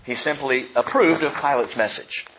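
A man preaching a sermon, moving between hushed, quiet phrases and emphatic bursts, with the odd joke along the way. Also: mid-range voice, moderate pace. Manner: dramatic, swings from soft hush to emphatic; jokey asides amid preaching. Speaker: pastor. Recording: slightly dull lo-fi recording with faint noise.

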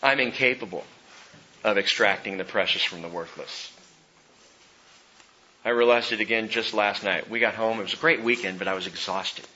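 A man in his forties, a pastor preaching a sermon, who shifts from hushed, slow emphasis to loud, high-pitched exhortation. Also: lo-fi sound, a little hiss or hum. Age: 40s.

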